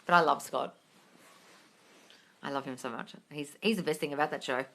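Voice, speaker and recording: A woman's voice: low-pitched, moderate pace, vocal fry. A young adult woman hosting a casual live question-and-answer stream, blunt and sweary, calling her viewers darling. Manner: animated, jumps into loud excited bursts.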